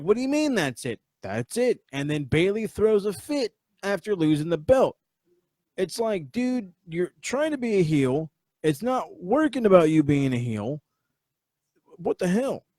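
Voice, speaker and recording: A man's voice: fairly high pitch, a little mellow, dry recording, clean studio sound. A man hosting a podcast, giving a casual, rambling, profane review of a wrestling event on a live stream. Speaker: podcast host.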